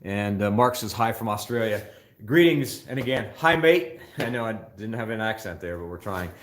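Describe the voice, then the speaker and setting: Speaking at a normal speed with a lowish, slightly bright voice, an older man streams live by phone from a motorcycle shop; the sound is roomy with slight background noise. As host of a motorcycle channel, he rambles scatteredly and reads viewer comments out loud.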